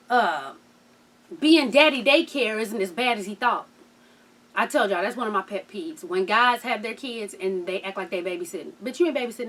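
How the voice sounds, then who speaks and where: Woman vlogger in her 30s, high voice, sassy slangy recap, acts out quotes. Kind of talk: casual TV recap chat.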